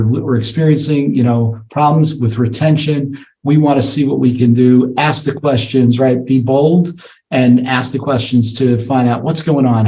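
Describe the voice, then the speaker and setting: A man co-hosting a talk show, summarizing the discussion in a relaxed, conversational way. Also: mid-range voice, low-quality recording. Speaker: co-host.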